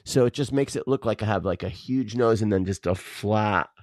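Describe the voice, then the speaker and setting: Low-voiced, hesitant, self-deprecating man. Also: normal speed, a little mellow, no echo, clean studio sound. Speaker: podcast co-host. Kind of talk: casual chat.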